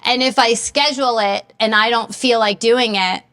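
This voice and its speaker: A woman's voice: fairly high pitch, fairly even intonation, normal speed, a bit bright. A woman in her thirties, a gym owner and mother of three, talking candidly in a casual podcast chat. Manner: chatty, candid, self-deprecating with laughs. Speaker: guest, strength training gym owner. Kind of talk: casual conversation.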